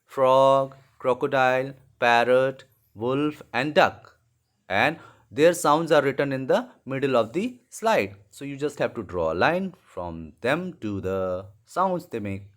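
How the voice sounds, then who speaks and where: A man's voice: medium pitch, lively intonation, takes it slowly, a bit bright. A man teaching animal sounds to young children, patient and repeating key words. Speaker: English teacher. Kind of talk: slow lesson for young children.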